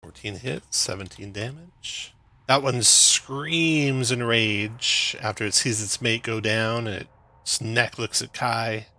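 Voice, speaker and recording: Bright-voiced man running a tabletop game. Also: mid-range voice. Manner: brisk rules-calling with chuckles. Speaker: dungeon master.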